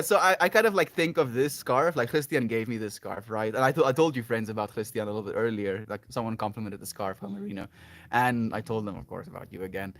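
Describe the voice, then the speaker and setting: A man's voice: lowish voice, animated, fast talker, a bit bright, no echo. A sleep-deprived man rambling affectionately on a livestream, reading chat aloud and laughing often.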